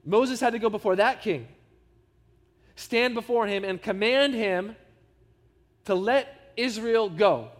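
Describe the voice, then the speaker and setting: In a large hall, a pastor with a high male voice delivers a sermon slowly, pausing often. He is earnest and emphatic, drawing in the congregation with repeated rhetorical questions.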